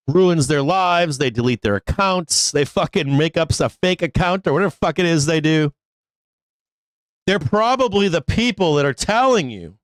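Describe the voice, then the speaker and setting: Male live-stream market host, profane and pleading, raised pitch, dead-dry sound. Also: no echo. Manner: exasperated, profane, pleading with viewers, laughs often. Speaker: stock trading show host. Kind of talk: live trading show rant.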